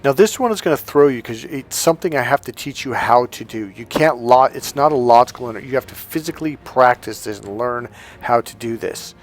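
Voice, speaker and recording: A man's voice: mid-range voice, fairly quick. A man giving an emphatic coaching talk on dating, telling anecdotes and acting out the quotes. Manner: emphatic, storytelling, acts out quotes.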